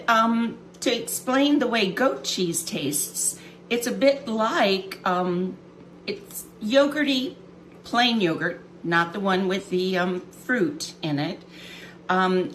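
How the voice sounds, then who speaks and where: Slow, chatty woman hosting a kids' cooking show. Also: medium pitch, a bit bright, slight background noise. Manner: chatty, homey, talks straight to kids with many ums. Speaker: library cooking show host. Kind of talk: children's cooking demonstration. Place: home kitchen.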